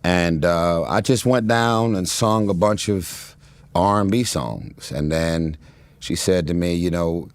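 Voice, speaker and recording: A very deep-voiced man in his forties, a guest in a casual interview, telling a long rambling story. He pauses on fillers, restarts his phrases and laughs often. His voice sounds close and dry, with little room sound. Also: no room sound. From Los Angeles, United States. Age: 40s.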